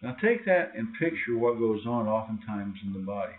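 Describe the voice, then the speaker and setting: A man preaching an informal sermon to a small group, acting out quoted voices with sudden high, loud cries. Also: very animated, normal speed. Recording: tinny, phone-like lo-fi recording.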